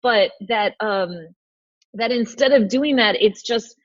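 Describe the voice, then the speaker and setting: A woman with a slightly high voice hosts a casual video-call chat, speaking slowly and thoughtfully as she searches for her words. The dry recording has dull, lo-fi video call quality.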